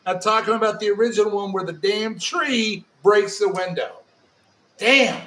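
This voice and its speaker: A man's voice: sits high, moderate pace, pushed and bright. A man co-hosting a podcast in casual chat, playful and teasing, full of movie references. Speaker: podcast co-host.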